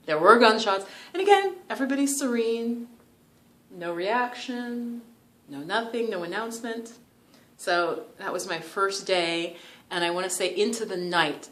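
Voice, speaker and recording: Chatty New woman telling a story. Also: on the low side. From New York. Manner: chatty, animated, laughs often, many "like" fillers. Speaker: yoga and meditation vlogger. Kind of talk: casual storytelling to camera.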